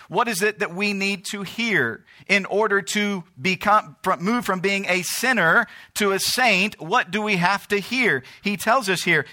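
Man, pastor, sermon in church, bright tone, emphatic, asks the congregation questions. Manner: preaching, rising in pitch and force, calling out to the congregation.

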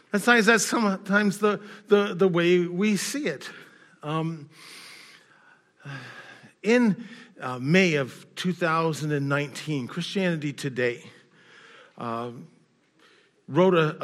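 A man giving a sermon, telling a story with many fillers and restarts, getting louder and higher in dramatic parts and dropping quiet when reflecting. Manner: storytelling, rising loud and high in quoted scenes, dropping quiet in reflection. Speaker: pastor.

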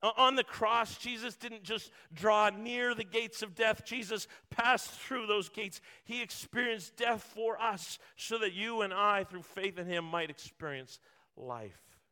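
Guy preaching a sermon, higher voice, slow and earnest, lots of repeating lines. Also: pushed and bright, clear, resonant tone. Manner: earnest preaching with dramatic quotes and repetition. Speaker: pastor.

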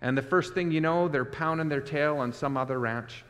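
A preacher reading aloud as a tired, patient ranch worker who speaks deep and measured, as though repeating words said many times. A long reverb trails behind him in a large space. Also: male voice, fairly bright tone, lightly acted. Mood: weary, rhythmic. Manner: deeper, rhythmic retelling.

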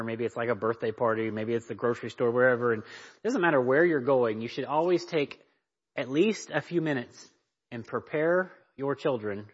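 A man teaching a church parenting class, speaking emphatically and often checking in with his listeners. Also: mid-range voice. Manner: emphatic, checks in with "right?" and "okay?". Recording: dull lo-fi recording.

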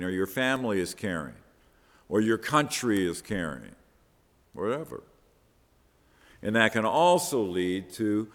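Guy giving a sermon, earnest, repeats himself, echo trailing off in a big hall. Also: fairly low pitch. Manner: earnest, repeats words, quotes with rising emphasis. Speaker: preacher. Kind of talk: sermon on a Bible passage. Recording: long hall reverb.

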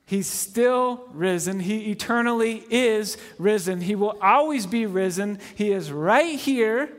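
Earnest high-voiced pastor in a reverberant hall. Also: male voice, slow. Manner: earnest, repeats phrases for emphasis, asks "right?". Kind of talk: sermon. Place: church sanctuary. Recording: long reverb of a large church hall.

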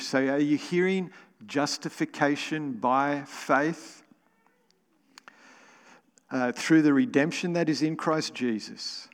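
A man's voice: a little high, slow pace, pauses often, long reverb tail. A man preaching a sermon as pastor, emphatic and building to exclamations. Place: church.

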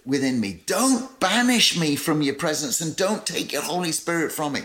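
Animated male pastor preaching. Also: on the high side, normal speed, hardly any pauses. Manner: animated preaching, reading scripture aloud with emphasis. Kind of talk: sermon.

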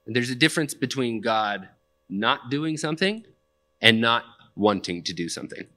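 A man's voice: mid-range voice, lively intonation, normal speed, sharp tone. A young man preaching a sermon in a conversational, plainspoken way, with casual asides. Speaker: pastor.

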